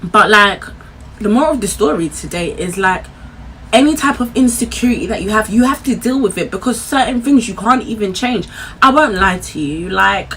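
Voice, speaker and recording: A 21-year-old woman telling a story time vlog in an animated, chatty way, laughing between lines. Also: mid-range voice, brisk, slight background noise. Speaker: vlogger.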